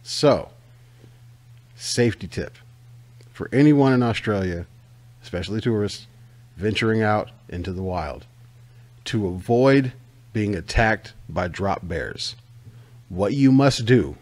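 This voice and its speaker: A man's voice: fairly low pitch, lively intonation, takes it slowly, long pauses, a little mellow. An American man hosting a casual comedy podcast, swearing freely and riffing like a pushy salesman. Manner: profane, riffing, mock-salesman energy. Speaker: podcast host.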